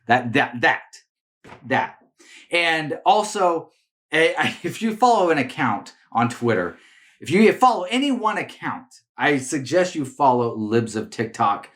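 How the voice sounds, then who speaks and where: A man speaking with a lively, swinging pitch as he runs his commentary show. He stumbles and doubles back on his words, restarting sentences, in a loose, off-the-cuff way. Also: measured pace. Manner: animated, repeats words and restarts often. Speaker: political commentary host. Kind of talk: casual opinion commentary to camera.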